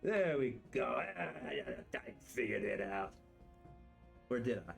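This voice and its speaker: A man's voice: mid-range voice, expressive, slow pace, gravelly, soft background music. A man streaming live, chatting playfully to himself and to viewers as he builds game terrain, boasting in fun. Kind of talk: casual live-stream chat while building. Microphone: desk mic with headphones.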